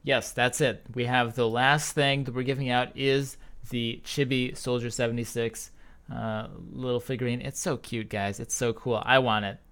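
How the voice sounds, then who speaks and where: Male esports caster, mid pitch, loose and jokey, trips over his own sentences. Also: steady tone, moderate pace, a bit bright, clean tone. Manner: jokey, rambling with restarts. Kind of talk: casual esports casting chat.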